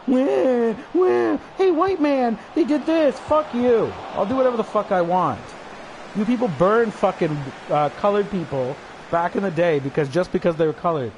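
A man's voice: high voice, a little mellow, slight background noise. A man ranting aggressively on a livestream, swearing constantly, taunting, and mumbling asides. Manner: breaks into chuckles, mumbles asides. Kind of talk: profane livestream rant.

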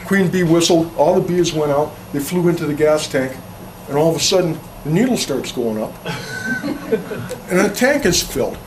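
A man's voice: on the high side, wildly swooping pitch, moderate pace, background noise. Folksy man, rambling, distant mic. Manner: folksy, rambling, tells jokes, restarts words. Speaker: chainsaw carving instructor. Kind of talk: casual workshop talk to an audience. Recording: distant mic, faint room ambience.

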